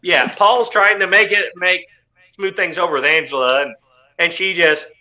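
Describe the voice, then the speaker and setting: A man's voice: high-pitched, normal speed, sharp tone, highs cut off. A man co-hosting a podcast in casual chat, talking crudely and with lots of profanity. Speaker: podcast co-host.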